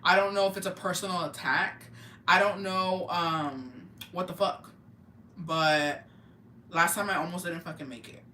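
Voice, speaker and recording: Young adult, casual profane storytelling, bright tense voice, roomy echo, a bit off-mic. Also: medium pitch, unhurried, distant mic, a little hiss or hum. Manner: profane, animated storytelling with slang and Spanish words. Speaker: podcast co-host. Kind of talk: casual chat. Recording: roomy, off-mic with faint ambience.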